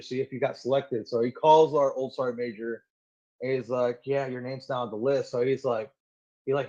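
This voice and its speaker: A man in his thirties, a Marine guest on an interview show, telling a story casually and animatedly with lots of "like"s. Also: medium pitch. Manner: animated, filler-heavy storytelling with many "like"s. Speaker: Marine gunnery sergeant guest. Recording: slightly dull lo-fi audio.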